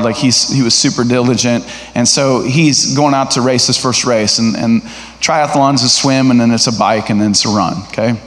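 A middle-aged man preaching a sermon as a guest speaker to a church congregation. He speaks in a lively, conversational way and asks the congregation questions. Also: medium pitch. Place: church sanctuary. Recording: echoey hall reverb.

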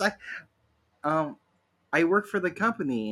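A young man co-hosting a podcast, talking casually and hesitantly with many pauses and restarts. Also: fairly high pitch, big pitch swings, bright, forceful tone. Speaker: podcast co-host. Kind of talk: casual chat.

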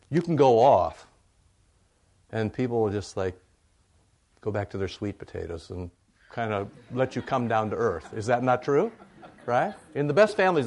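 An older male pastor giving a folksy, rambling sermon, often checking in with the congregation with a quick "right?". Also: mid-range voice, darkish tone. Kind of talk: conversational sermon.

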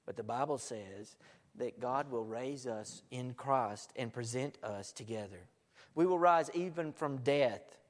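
A man preaching a sermon, swinging from loud proclamation to hushed near-whispers, recorded in a church sanctuary. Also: medium pitch. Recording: long hall reverb.

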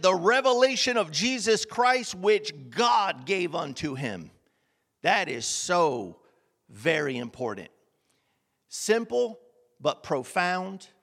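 Male preacher, high-pitched, slow emphatic sermon delivery, reverberant hall sound. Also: gravelly, a bit bright. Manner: emphatic, rhetorical questions and repetition.

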